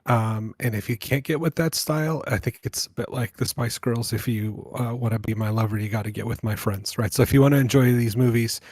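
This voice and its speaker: A man's voice: mid-range voice, fairly quick, few pauses, darkish tone, slightly rough, no echo. A man on a movie podcast panel, musing at length about a director's style with jokey asides. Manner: thoughtful, rambling, jokey asides. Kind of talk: casual film discussion.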